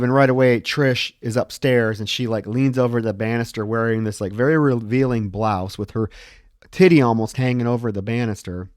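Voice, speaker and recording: A man's voice: mid-range voice, fairly even intonation, brisk, a little mellow, dry recording, clean studio sound. A man co-hosting a podcast, recapping a film in a rambling, casual way with some swearing. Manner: rambling plot recap with profanity. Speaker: podcast co-host.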